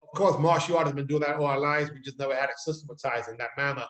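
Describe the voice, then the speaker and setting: A man hosting a casual video chat, an animated storyteller who acts out the quotes he tells. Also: mid-range voice, racing. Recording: echoey room.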